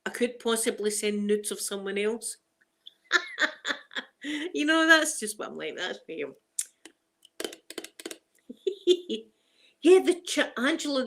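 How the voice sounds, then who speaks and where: A woman's voice: on the high side, expressive, moderate pace, pauses often. Chatty Scottish woman live-streaming. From Scotland. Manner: chatty, rambling, laughs often. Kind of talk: casual chat with live viewers.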